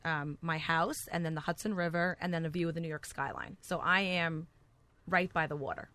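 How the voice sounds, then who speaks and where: A woman's voice: low-pitched, fairly even intonation, fairly quick, pushed and bright. A middle-aged woman from New Jersey with a Jersey accent, chatting as a guest and telling stories with animation. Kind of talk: casual chat.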